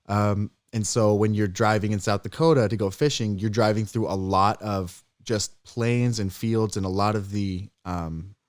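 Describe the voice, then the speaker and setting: Animated young man telling a spooky story. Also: moderate pace, few pauses, dry recording, studio quality. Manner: animated storyteller who jumps high and loud when acting out scared voices. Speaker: podcast co-host. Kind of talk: casual storytelling chat.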